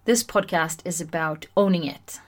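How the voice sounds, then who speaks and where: A woman's voice: on the low side, normal speed. Chatty, self-mocking woman podcast host. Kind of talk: solo self-help podcast monologue.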